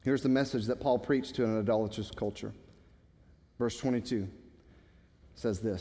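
A man's voice: fairly low pitch, fairly even intonation, moderate pace, pauses often, mellow. A man preaching a sermon in a church, emphatic, with stammered restarts. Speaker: pastor. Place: church sanctuary. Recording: long hall reverb.

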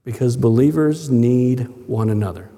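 A man's voice: mid-range voice, normal speed, mellow, husky, in a large hall. A male pastor preaching a sermon in a conversational, story-telling way, often restarting his sentences.

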